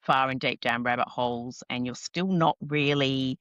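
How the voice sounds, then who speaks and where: A woman with an Australian accent gives career advice in an enthusiastic, chatty podcast conversation. Her voice is bright and forward. The sound is dry, with a slightly muffled, dull tone. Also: extremely low pitch, steady tone, normal speed, no room sound. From Scotland. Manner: enthusiastic, chatty, frequent laughs. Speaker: career counsellor guest. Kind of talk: casual podcast interview.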